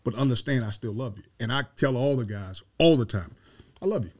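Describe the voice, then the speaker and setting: Middle-aged coach guy telling stories, emphatic, keeps repeating his points, mid-pitched voice. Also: a little fast, a little mellow. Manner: emphatic, repeats key phrases. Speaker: football head coach, guest. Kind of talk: storytelling interview.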